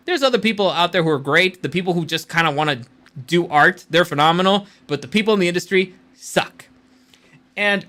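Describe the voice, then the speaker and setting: A male host runs a casual commentary show and talks in a blunt, opinionated way, sometimes swearing. His voice is bright and forceful, and it sits a little high.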